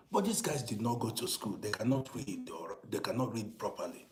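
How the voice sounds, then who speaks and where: A middle-aged man tells a story straight to his listeners in a lively, animated way. His voice has a fairly lively melody, dropping to quiet asides and then rising to loud, emphatic points. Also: fairly low pitch, fairly quick, few pauses, a little hiss or hum. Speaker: storyteller host. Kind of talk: casual storytelling monologue. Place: living abroad in Germany.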